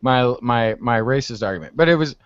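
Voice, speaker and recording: A man's voice: medium pitch, animated, fairly quick, clean tone, no echo, lo-fi sound. A man telling a story in a casual group video chat and acting out the exchanges he quotes. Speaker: hangout panelist. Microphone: computer mic on a video call.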